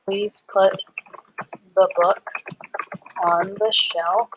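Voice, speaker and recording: A woman's voice: mid-range voice, steady tone, drawn-out words, noisy background. A woman teaching a live online reading class for adults, patiently spelling words out letter by letter and giving example sentences. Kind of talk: live online literacy lesson.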